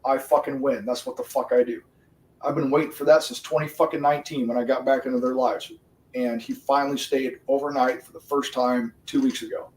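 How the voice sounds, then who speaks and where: A man's voice: medium pitch, steady tone, brisk, darkish tone, a little hiss or hum. A man hosting a livestream, chatting casually with viewers, swearing constantly, laughing often and rambling. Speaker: livestream host. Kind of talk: profane casual chat with viewers. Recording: roomy sound, distant from the mic.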